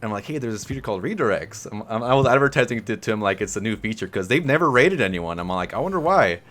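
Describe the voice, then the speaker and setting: A man's voice: fairly low pitch, lively intonation, fairly bright tone. A man hosting a podcast, chatting casually with hesitant fillers. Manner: quick, hesitant, filler-heavy. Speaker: podcast host.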